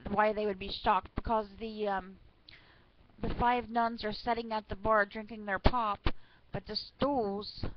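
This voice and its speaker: A woman's voice: medium pitch, fairly even intonation, measured pace. A woman casually reading funny church stories aloud to her listeners, chatty, with fillers and asides. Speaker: online reader of church stories. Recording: slightly muffled with faint noise.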